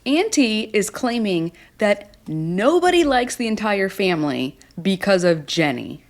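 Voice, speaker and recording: A woman's voice: mid-range voice, expressive, measured pace, hardly any pauses, a little mellow. A woman casually recapping a reality show, blunt, snarky and exasperated.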